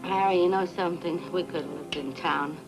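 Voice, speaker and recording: An actress playing a drunk, lonely, bitter wife who slurs and breaks into tearful shouting. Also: female voice, on the low side, fairly even intonation, brisk, over music, close to an everyday voice, low-quality recording. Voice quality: slurred, tearful, shouting outbursts.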